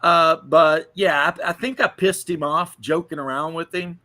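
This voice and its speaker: Male podcast host from the American South, slightly high voice, profane, rambling and joking. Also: steady tone, moderate pace, bright, forceful tone. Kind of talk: casual podcast chat.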